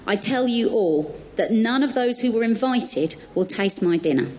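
A woman reading a Bible passage aloud during a church service, in a steady, measured voice. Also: on the high side, a little hiss or hum. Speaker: scripture reader.

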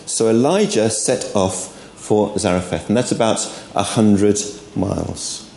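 A man's voice: on the low side, unhurried, gravelly, a little mellow. A man giving an informal sermon at an all-age church service, with friendly asides to the congregation. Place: church hall. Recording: echoey church room, faint background noise.

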